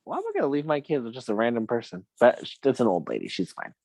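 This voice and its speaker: A man tells what he sees during a regression session in a loose, casual way. His pitch swings widely as he laughs and acts out quoted lines. The sound is dry and close. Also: sing-song, quick pace, gravelly, darkish tone, no echo. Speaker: regression client. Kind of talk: recounting a hypnosis session.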